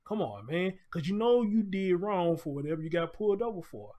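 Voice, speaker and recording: Blunt, profane live-stream host, high voice. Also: male voice, lively intonation, a little fast, mellow. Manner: profane, blunt, rambling storyteller. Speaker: show host. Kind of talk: casual live-stream commentary.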